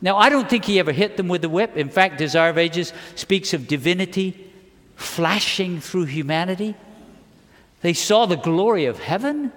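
A man's voice: high voice, lively intonation, moderate pace, fairly bright tone. A man preaching a sermon to his church congregation, impassioned and emphatic, often putting questions to his listeners. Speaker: pastor. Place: church sanctuary. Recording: reverberant hall.

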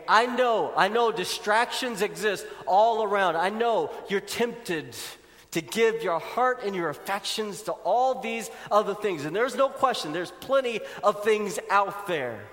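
A male pastor preaching a sermon with emphatic delivery, surging fast and then slowing down softly. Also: high voice, lively intonation. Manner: emphatic preacher, swings from fast bursts to slow soft lines. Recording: long reverb of a large hall.

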